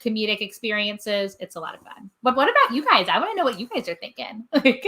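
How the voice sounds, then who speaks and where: A young woman, a stand-up comedian, chatting on a podcast in an animated, rambling way full of fillers. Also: on the high side, fast. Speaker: guest comedian. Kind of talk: casual podcast chat.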